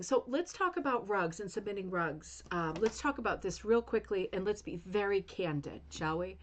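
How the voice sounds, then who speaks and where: Woman, casual host, chatty, gushing, rambling, indoors at home, mid-pitched. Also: expressive, normal speed, few pauses. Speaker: rug hooking channel host. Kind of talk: casual chat to camera.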